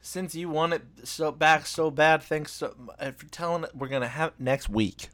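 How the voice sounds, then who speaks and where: A man's voice: on the high side, fairly even intonation, moderate pace, a bit bright. Offhand male podcast co-host. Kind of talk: casual podcast chat.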